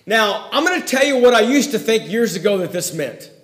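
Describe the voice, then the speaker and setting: A man preaching a sermon in a folksy way, swinging between loud emphasis and hushed asides. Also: high voice, big pitch swings, a little fast, echoey room.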